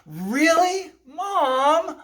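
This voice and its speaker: A man voicing his seven-year-old self, a bold little schemer pleading in a high, whiny voice. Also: very animated, extremely slow, fairly bright tone, full character voice.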